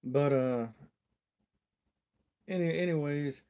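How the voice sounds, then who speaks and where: Folksy rambling man, mellow voice. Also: on the high side, takes it slowly, clear, resonant tone. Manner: rambling, folksy, chuckles often. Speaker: livestream host. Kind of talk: casual rambling storytelling.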